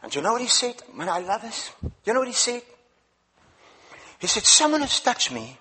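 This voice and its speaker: A male preacher telling a Bible story in a sermon, with dramatic swings between loud and hushed delivery. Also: high-pitched, animated, normal speed, husky. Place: church. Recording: reverberant church hall.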